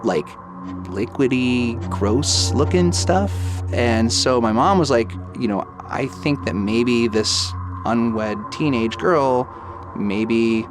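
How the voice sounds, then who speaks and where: A man's voice: medium pitch, slow. A man in his thirties tells a true ghost story like he's chatting with a friend. His voice sits in an ordinary middle range, and he slips into the quoted lines as he goes. Music plays under the story. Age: 30s. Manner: lively retelling that acts out quoted dialogue, with many "like"s. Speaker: guest storyteller. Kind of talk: casual spoken ghost story.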